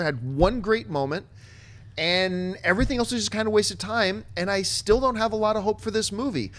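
Animated man in movie panel chat. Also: high voice, brisk. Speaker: movie talk show panelist.

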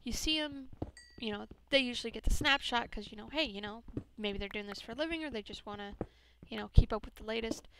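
Female let's-player, profane, mutters then snaps, slightly high voice, noisy track with clicks. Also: quick pace, few pauses. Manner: profane, swears a lot at enemies; mutters under breath, bursts into yelling. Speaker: let's play gamer. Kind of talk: casual gameplay commentary. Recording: constant background noise. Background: mouse clicks.

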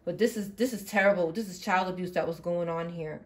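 Woman doing a halting tarot reading. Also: fairly low pitch. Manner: halting, repeats herself, thinks aloud. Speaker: tarot reader.

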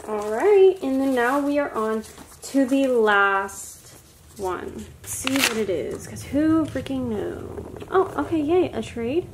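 A young woman talks casually through an unboxing, gushing and excitable as she gasps over each find. Her voice sits fairly high, and a faint noise floor runs under the home recording. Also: slow. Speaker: vlogger. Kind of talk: casual haul unboxing chat.

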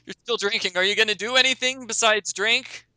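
A man's voice: sits high, a little fast, bright, forceful tone, smooth, dry recording, rough recording. A man narrating as game master in a tabletop game, rambling with many ums and self-corrections.

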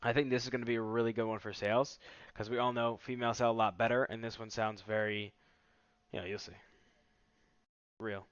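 Smooth-voiced enthusiastic male vlogger. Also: on the low side, flat delivery, brisk, a bit bright, no room sound. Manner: casual, enthusiastic salesy delivery. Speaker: tech vlogger host. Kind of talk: casual product demo commentary. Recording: slightly muffled dry recording.

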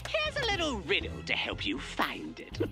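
An actor playing a scheming male villain who speaks in riddles on a live broadcast in an animated comedy. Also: sits high, moderate pace, music in the background. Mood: smug.

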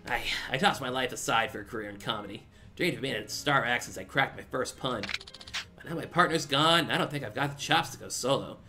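A man's voice: medium pitch, a little fast, pushed and bright. A man voicing a washed-up comedian who rambles in a folksy, self-deprecating way, with game music behind. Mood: mopey.

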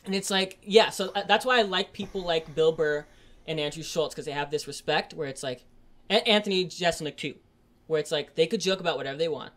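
Young man ranting on a podcast. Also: a little fast. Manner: swears constantly, rants and gets loud and high when heated. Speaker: podcast host. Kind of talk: casual podcast chat.

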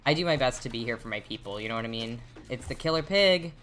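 A young adult game streamer chatting casually with viewers and swearing a lot, turning loud and excited when the game gets tense. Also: mid-range voice, racing, slight background noise. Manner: reacts loudly and excitedly to the game. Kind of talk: casual live-stream chat while gaming.

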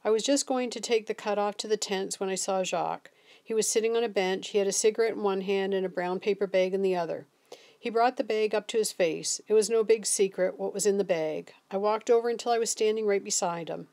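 A woman reading a chapter of a novel aloud in a steady storytelling manner. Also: mid-range voice, fairly quick. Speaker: reader.

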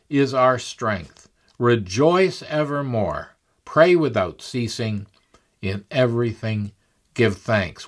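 A man's voice: mid-range voice, a bit bright. A man preacher telling a devotional story in an earnest manner, chuckling as he goes.

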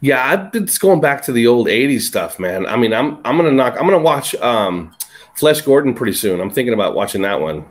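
A man's voice: medium pitch, sing-song, fairly quick. A man in casual podcast chat, joking and rambling in a sarcastic way.

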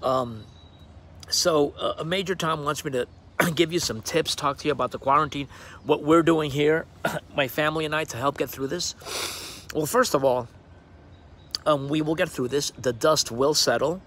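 A man's voice: a little high, moderate pace, fairly bright tone, slight background noise. A man recording a casual, rambling video greeting outdoors on his deck, hesitating with ums and uhs. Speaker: actor recording a personal video message.

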